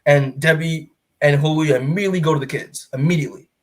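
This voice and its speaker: A man co-hosting a comic book podcast, giving a casual recap that rambles with fillers, restarts and quick quoted lines from the scenes. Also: a little high. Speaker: podcast co-host.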